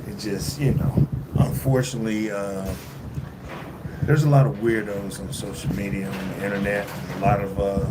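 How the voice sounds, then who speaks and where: A man chats on a live stream from his phone, his voice sitting a bit low. He rambles and halts, stacking fillers and restarting his sentences. Loud noise runs under everything he says. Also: fairly even intonation, normal speed. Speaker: vlogger livestreaming. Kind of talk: casual live-stream chat. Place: indoors at a lodging while traveling.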